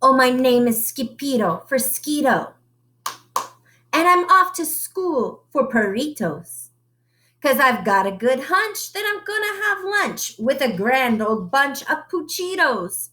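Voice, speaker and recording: A woman's voice: sits high, sing-song, takes it slowly, a bit bright, reverberant, exaggerated voice. Storybook role: woman voicing a squealy, playful boy kitten with a mock Spanish flair. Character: excitable young male chihuahua-minded Siamese kitten.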